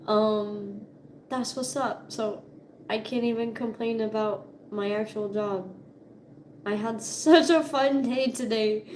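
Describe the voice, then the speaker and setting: A young woman with a high voice talks freely to her camera, casual and profane. Her voice rings in an echoey room. A faint hum of ambience sits behind her. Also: a little mellow. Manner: chatty, swearing, laughing often. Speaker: vlogger. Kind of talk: casual chat.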